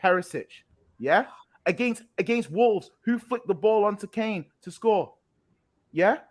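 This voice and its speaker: Man, high-pitched, football podcast panelist, teasing and combative, quick comebacks, casual banter. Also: lively intonation. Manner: teasing, quick comebacks, reads chat comments aloud.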